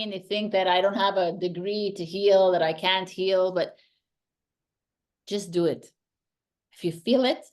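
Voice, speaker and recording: Low-voiced woman giving spiritual guidance. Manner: earnest, emphatic, passes on intuitive messages. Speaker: tarot reader host. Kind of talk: casual spiritual chat.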